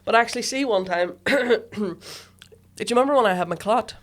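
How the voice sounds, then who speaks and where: A woman's voice: on the high side, normal speed. A woman with a Northern Irish accent co-hosting a podcast, telling stories in a chatty, laughing way with plenty of fillers and a cough from a chest infection. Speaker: podcast co-host. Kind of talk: casual chat.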